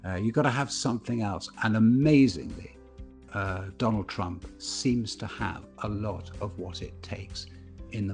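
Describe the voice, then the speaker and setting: A middle-aged man, giving thoughtful reflections as an experienced broadcaster. His voice is low and gravelly, with faint music playing underneath. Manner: thoughtful, anecdotal, animated when telling stories. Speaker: broadcaster and keynote speaker. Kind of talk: reflective speaker Q&A.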